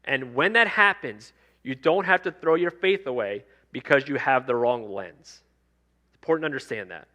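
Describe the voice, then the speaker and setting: A man's voice: mid-range voice, lively intonation, normal speed, pushed and bright. A male pastor delivering a sermon in a conversational preaching style, circling back to repeated refrains. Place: church sanctuary.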